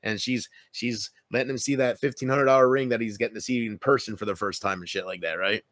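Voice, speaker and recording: A man's voice: lowish voice, steady tone, fast, a bit bright, no room sound. A man chatting casually on his livestream, rambling and joking, with frequent swearing.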